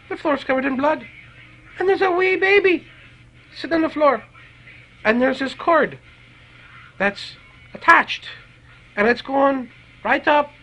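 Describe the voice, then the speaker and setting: Animated Irish paramedic ranting. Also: male voice, very high-pitched, poor audio. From Ireland. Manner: animated, swearing heavily. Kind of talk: profane storytelling rant.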